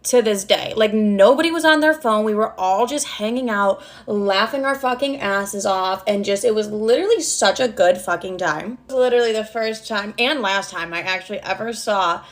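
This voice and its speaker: A woman's voice: mid-range voice, normal speed, few pauses. Chatty young woman telling a storytime. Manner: chatty, swears often, heavy use of "like". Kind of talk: casual storytime.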